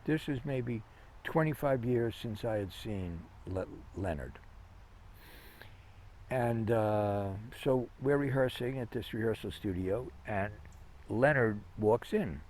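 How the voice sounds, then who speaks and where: A man's voice: fairly low pitch, slow, a little mellow, slight background noise. A man telling long anecdotes in a conversational interview, rambling with fillers and restarts. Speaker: interview guest. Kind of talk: conversational storytelling.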